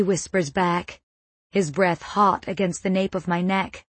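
A woman reading a first-person novel as an audiobook narrator, in a measured, suspenseful manner on a close mic. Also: mid-range voice, no room sound.

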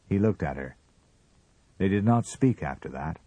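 Deep, husky male storyteller. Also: no echo. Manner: measured, expressive reading. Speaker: narrator. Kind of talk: audiobook story reading.

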